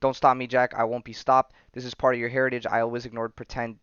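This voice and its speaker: A man reading the lines of a grave, dying mother from a comic, in a clear voice close to his own. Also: mid-range voice, monotone, quick pace, fairly bright tone, no echo, close to an everyday voice. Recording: slightly dull dry recording.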